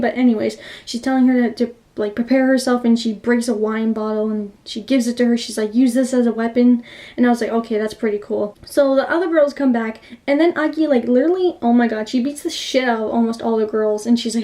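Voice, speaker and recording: Excitable rambling woman recapping a movie. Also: a little high, a little fast. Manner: excitable, rambling, heavy use of 'like'. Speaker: movie reviewer. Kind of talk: casual movie plot recap.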